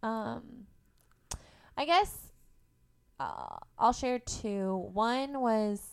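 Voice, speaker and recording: A young woman from Indiana, a podcast guest in casual conversation, telling lively stories about her family and laughing often. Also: fairly high pitch, extremely slow, gravelly. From Indiana, USA. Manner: animated storyteller, laughs often. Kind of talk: casual interview chat.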